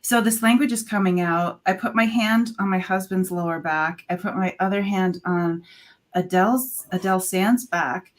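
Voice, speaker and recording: A woman, a guest on a talk show, telling a personal story in a halting way with many filler pauses. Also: medium pitch.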